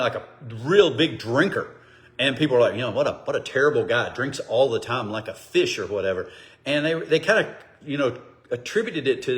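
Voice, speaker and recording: A man teaching a Bible study, speaking conversationally and telling stories, acting out voices. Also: medium pitch. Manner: conversational, animated storytelling with acted quotes. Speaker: pastor. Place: church, streamed online.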